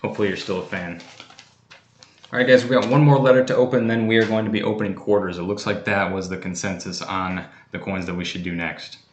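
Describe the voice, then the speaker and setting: Casual male streamer, low voice, relaxed rambling delivery, echoey room. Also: fast. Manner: chatty and easygoing, many fillers and restarts. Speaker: coin collecting channel host. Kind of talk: casual livestream chat, opening fan mail.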